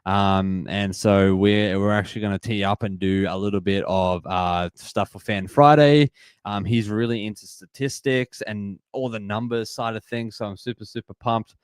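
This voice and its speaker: A man in his twenties with an Australian accent, hosting a live sports watch-party stream and chatting excitedly while reading out and greeting viewers from the chat. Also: lowish voice, normal speed, clear, resonant tone, no echo. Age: 20s. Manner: upbeat, reads and greets chat viewers, repeats phrases. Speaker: livestream host.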